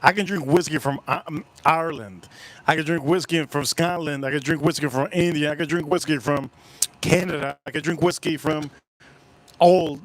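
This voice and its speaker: Rambling casual man on a livestream. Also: fairly high pitch. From United States. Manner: rambling storyteller, swears casually, repeats himself. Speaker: whiskey livestream host.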